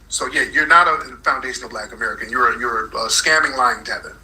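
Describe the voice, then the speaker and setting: A man's voice: mid-range voice, quick pace, few pauses, pushed and bright, low-quality recording. A man hosting a live call-in talk room, combative and repeating his points insistently.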